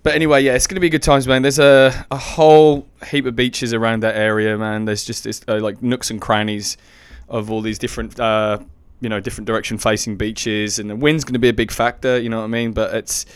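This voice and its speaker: English male co-host, relaxed chat, smooth tone, dry close sound. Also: medium pitch, fairly quick, hardly any pauses, dry recording. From England. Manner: laid-back, says "man" a lot. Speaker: podcast co-host. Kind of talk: casual podcast chat.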